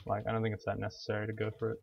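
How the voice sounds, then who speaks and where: A man's voice: fairly low pitch, monotone, very fast, gravelly. A young man gaming and chatting casually, with profane, sarcastic banter. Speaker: gamer. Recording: dull lo-fi mic with faint hiss.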